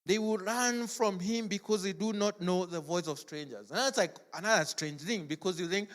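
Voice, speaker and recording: High-voiced pastor telling stories. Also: male voice, normal speed, a bit bright. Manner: chatty storytelling, frequent "like" and "as it were". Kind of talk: sermon. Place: church.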